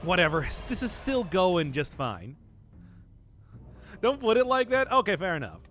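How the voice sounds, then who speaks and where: A man's voice: high voice, very animated, measured pace, a bit bright, a little hiss or hum. A man chatting casually to his viewers while playing a game, rambling and chuckling often as he answers chat. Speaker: streamer. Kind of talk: casual live-stream commentary while gaming.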